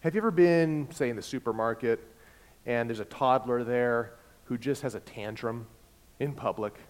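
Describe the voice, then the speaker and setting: A male pastor preaches conversationally and tells his story easily. His voice sits at an ordinary middle pitch and swings between loud and soft. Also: moderate pace. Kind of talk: sermon with personal anecdote.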